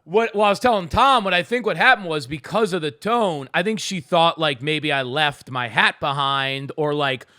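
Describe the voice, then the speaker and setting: Bright, laughing comedian telling a story. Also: male voice, fairly high pitch, moderate pace, few pauses, no room sound, clean studio sound. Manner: animated, acts out his own quoted lines. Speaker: podcast co-host.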